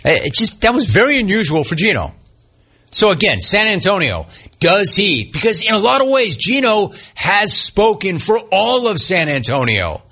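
Man, sports radio host, husky bright voice, big swinging pitch, animated talk. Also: moderate pace. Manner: animated, swooping pitch, mocking impressions.

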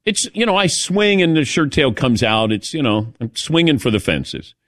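A man's voice: mid-range voice, moderate pace, dry recording, studio quality. Middle-aged man telling a story on air. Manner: storytelling, animated, calls on cohosts. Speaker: radio show host. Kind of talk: casual studio chat.

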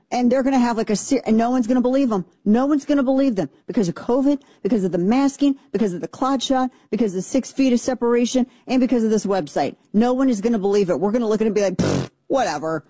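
A show host giving casual commentary in an animated, sarcastic way, full of playful asides. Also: mid-range voice, dry recording.

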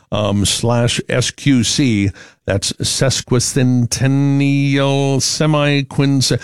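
A man's voice: mid-range voice, no room sound, clean studio sound. A middle-aged man from Massachusetts with a New England accent, hosting casual radio chat in a rambling, self-correcting way. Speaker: radio host.

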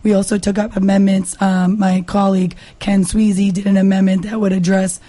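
A hoarse woman from Massachusetts with a raspy voice, a state representative talking earnestly as a guest in a radio interview, with many fillers and restarts. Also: mid-range voice, level tone, brisk, dark tone. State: hoarse, lost her voice.

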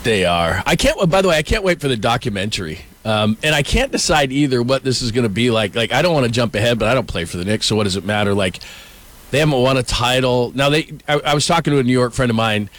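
A middle-aged man, a sports journalist and co-host, telling stories in casual sports talk with quick asides. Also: mid-range voice. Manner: animated storyteller, quick asides.

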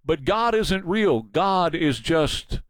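A man's voice: a little high, lively intonation, slow, dry recording. A man hosting a heated, blunt opinion monologue, ranting and mocking as he talks. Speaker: political commentary host.

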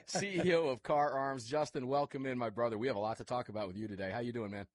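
A man hosting a live talk radio show from his studio, chatty and energetic, with quick asides to his guests. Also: medium pitch, no echo. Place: studio full of electronic equipment. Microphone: studio microphone.

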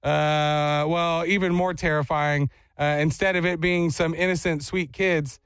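A man hosting a radio show, telling a story in casual banter, animated and playful, slipping into silly voices. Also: on the high side, unhurried, clean tone, no room sound.

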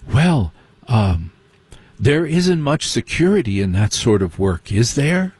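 A man's voice: mid-range voice, very animated, takes it slowly, darkish tone, breathy edge, no echo, exaggerated voice. A man voicing a snooty, condescending preppy young woman with a prim, patronizing drawl.

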